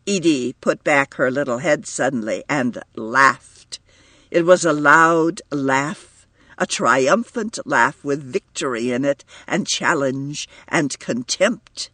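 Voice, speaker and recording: Slow, husky male storybook narrator. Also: medium pitch, no echo. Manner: measured, expressive storytelling. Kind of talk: audiobook narration.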